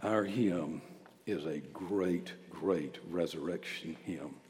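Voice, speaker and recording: A male pastor preaching a sermon, swinging from loud, ringing declarations down to hushed near-whispers. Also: low voice, takes it slowly, long reverb tail. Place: church sanctuary.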